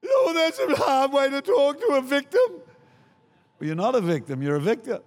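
An older man preaching a sermon as a guest pastor, animated and acting out voices, shouting for emphasis. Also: extremely high pitch, normal speed, long reverb tail.

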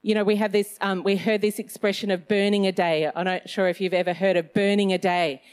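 A woman's voice: medium pitch, level tone, fairly quick. Chatty middle-aged woman giving a faith talk. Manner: warm and chatty, with self-mocking humour; loose phrasing with many fillers. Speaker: Christian speaker.

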